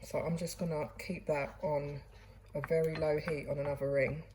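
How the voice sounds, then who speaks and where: A woman's voice: low-pitched, flat delivery, moderate pace, darkish tone, a little hiss or hum, rough recording. A woman hosting a casual cooking demonstration, chatting to viewers in a chatty, self-deprecating way. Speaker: cooking channel host. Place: kitchen away from home.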